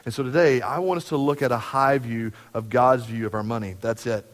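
A man preaching a sermon as pastor, talking conversationally and acting out everyday dialogue. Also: fairly quick. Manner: conversational, acts out everyday dialogue with lively jumps in pitch. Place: church sanctuary. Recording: long hall reverb from the sanctuary.

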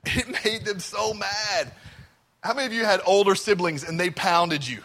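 A man's voice: high-pitched, normal speed, a bit bright. A middle-aged man, a pastor, preaching a sermon in a church in a conversational, joking way. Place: church sanctuary.

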